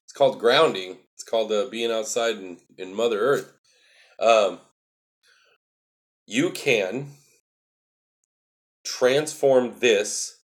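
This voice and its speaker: Livestream host, male, lowish voice, earnest and emphatic, repeats his points. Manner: earnest, repetitive, emphatic explaining. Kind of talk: casual livestream talk answering viewer chat.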